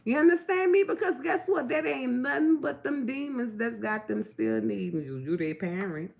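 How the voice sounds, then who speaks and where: Gravelly blunt middle-aged woman. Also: on the high side, moderate pace. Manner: preachy, blunt and profane, full of rhetorical questions. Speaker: vlogger. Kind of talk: casual talk to camera.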